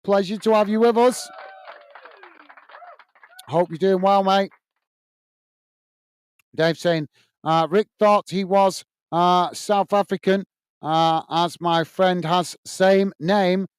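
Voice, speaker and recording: A man hosts a live football watch-along in a casual, chatty way, greeting viewers and calling the action. His voice is smooth and slightly high. The sound is dry and close to the mic. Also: fairly even intonation, slow, pauses often, no echo. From United Kingdom. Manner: chatty, reads out viewer messages, calls play-by-play. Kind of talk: casual live commentary and chat reading.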